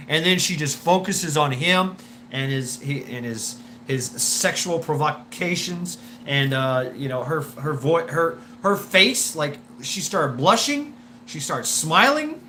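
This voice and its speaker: Guy rambling on his live stream, kinda high bright voice, swears and laughs a lot, faint hum behind. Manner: rambling, swears, laughs often, many restarts. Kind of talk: casual storytelling on a live stream.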